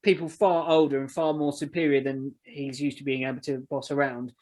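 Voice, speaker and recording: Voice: mid-range voice, level tone, a little mellow, low-quality recording. A game master narrating a tabletop game among friends in a loose, rambling way. The voice sits mid-range, and the description stops and restarts often around fillers. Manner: rambling, halting description with many fillers and laughs.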